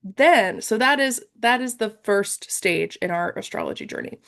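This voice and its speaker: A woman's voice: medium pitch, animated, moderate pace, creaky, a bit bright. Young woman, congested, casual podcast co-host, rambling chatter. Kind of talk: casual chat.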